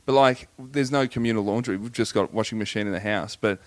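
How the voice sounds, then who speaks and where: A man, blunt and deadpan, swearing through casual comedic chat. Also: on the low side, a little fast, dry recording. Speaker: podcast guest.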